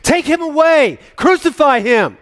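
A man reading aloud voices an angry crowd of male priests, shouting forcefully. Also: fairly high pitch, sing-song, takes it slowly, in a large hall, voice pushed up, heavily acted. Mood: furious.

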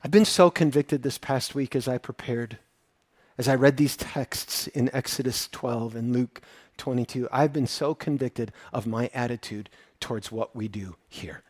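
A man preaching a sermon as pastor, earnest and emotional, swinging from hushed confession to excited exclaiming and repeating words when moved. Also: mid-range voice, measured pace, husky, no echo.

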